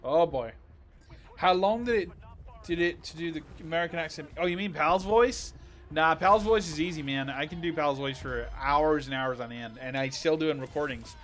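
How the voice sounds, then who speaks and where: A man reacting excitedly on a live stream, exclaiming and reading viewer questions. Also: fairly high pitch, normal speed.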